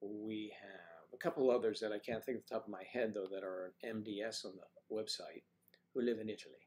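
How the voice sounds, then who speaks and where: A man's voice: fairly low pitch, brisk, a little mellow. An older man hosting a casual morning livestream, chatting playfully and greeting viewers by name as he reads their comments. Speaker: livestream host.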